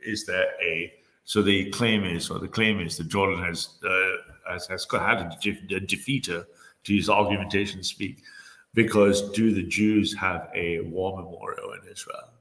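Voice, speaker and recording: A man's voice: sits low, steady tone, moderate pace, fairly bright tone. A man giving casual spoken commentary on a debate, rambling with many fillers and restarts.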